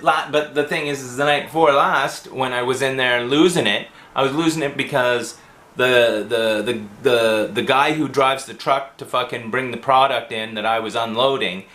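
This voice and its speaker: A man's voice: medium pitch, bright, forceful tone, roomy sound. A man ranting in a profane monologue for his video blog, swearing constantly. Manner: swears constantly, rants angrily. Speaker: vlogger.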